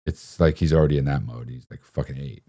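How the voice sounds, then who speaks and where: Very deep-voiced man telling a profane story. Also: steady tone, fast, dark tone. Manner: profane, rambling, self-mocking, laughs often. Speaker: live stream host telling a story. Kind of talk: casual storytelling to live chat.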